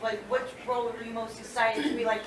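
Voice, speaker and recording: A woman's voice: fairly high pitch, level tone, brisk, distant mic, slight background noise. A woman in the audience asking a hesitant, casual question. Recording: echoey room recorded from afar.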